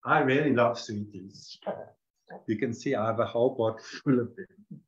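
A man's voice: medium pitch, normal speed, muffled recording. A man who is a guest teacher, explaining Christian ideas in conversation and illustrating them with stories. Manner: storytelling, with voiced quotes.

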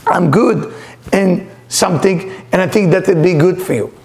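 A middle-aged man, a spiritual teacher, giving a storytelling lecture in animated English with non-native grammar. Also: high-pitched, normal speed, vocal fry. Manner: animated, acts out voices in his stories.

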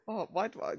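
A man's voice: darkish tone, no room sound, studio quality. A young man, co-hosting a podcast in blunt, jokey, sweary casual chat. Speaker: co-host.

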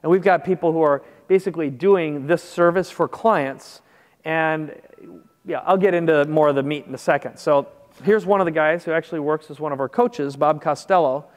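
Guy teaching a marketing seminar, kinda high voice, long echo like a big hall, chatty, keeps asking make sense. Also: moderate pace. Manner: conversational, checks in with "make sense?". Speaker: internet marketing presenter. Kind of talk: seminar talk with slides.

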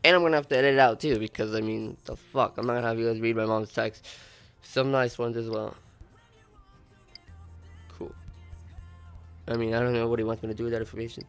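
A young man's gameplay commentary, stuffy from being sick, loose and chatty, breaking into loud cursing when a race goes wrong. Faint music plays underneath his voice. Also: mid-range voice, brisk, long pauses, smooth. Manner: swearing, animated outbursts at the game. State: sick, congested. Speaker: gaming YouTuber. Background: faint background music.

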